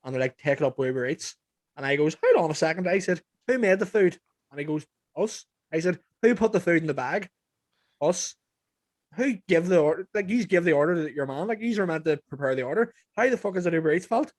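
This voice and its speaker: A young Northern Irish podcast host with a fairly high voice, recorded close and dry. He tells his anecdotes with plenty of swearing and acts out each quoted line. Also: animated, brisk, no room sound. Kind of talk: casual chat.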